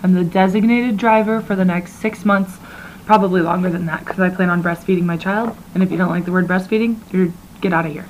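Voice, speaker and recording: A young woman co-hosting a podcast in rambling casual chat, her voice slightly hoarse and froggy. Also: on the low side, steady tone, brisk, a little mellow, slight background noise, rough recording. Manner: rambling, chatty, laughs often. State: slightly hoarse, froggy from talking loudly at a bar. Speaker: podcast co-host.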